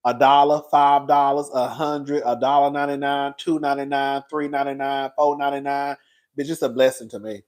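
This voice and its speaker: A man's voice: fairly high pitch, a little mellow. A man in his forties hosting his own commentary channel, talking to viewers in a sassy, emotional, gossipy casual chat. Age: 40s.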